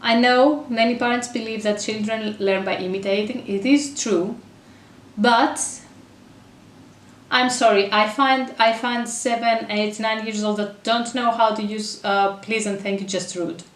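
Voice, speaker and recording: A woman giving parenting advice straight to her camera, earnest and chatty, breaking off for quick asides. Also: fairly high pitch, fairly even intonation, a little hiss or hum. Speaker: parenting vlogger and mother. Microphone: camera mic. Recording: echoey room, voice a bit far from camera.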